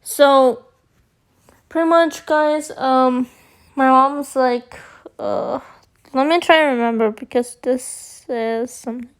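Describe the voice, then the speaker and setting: Girl with a high voice, slow draggy storytime, kinda hoarse, lots of like and guys. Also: fairly even intonation. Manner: rambling, filler-heavy, addresses viewers as guys. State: hoarse from screaming. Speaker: vlogger. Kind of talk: storytime chat.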